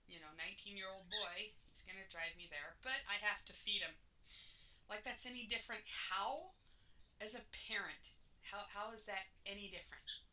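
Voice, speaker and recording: A woman's voice: medium pitch, moderate pace, bright, forceful tone, distant mic, a little hiss or hum. A woman in her forties chatting casually while gaming on a stream, rambling with jokey, self-mocking asides.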